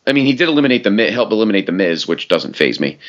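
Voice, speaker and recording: A man co-hosting a casual podcast chat, animated and playful, often mimicking reactions. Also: very fast, dull audio. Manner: animated, shifts pitch a lot when mimicking reactions. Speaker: podcast co-host.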